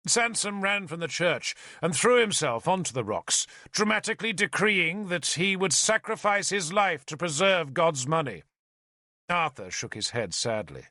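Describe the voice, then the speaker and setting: A man narrating an audiobook in an expressive storytelling manner. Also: a little high, normal speed, dry recording, clean studio sound.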